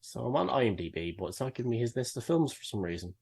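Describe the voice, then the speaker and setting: A man's voice: medium pitch, big pitch swings, very fast, gravelly, darkish tone, slightly rough. A man co-hosting a podcast in a loose, rambling way, swearing freely and laughing often. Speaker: podcast co-host. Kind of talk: casual chat.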